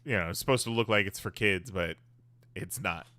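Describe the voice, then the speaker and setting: A man's voice: fairly low pitch, fairly quick, pushed and bright, no room sound. A man hosting a podcast in casual chat, rambling with lots of fillers and swearing. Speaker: podcast host.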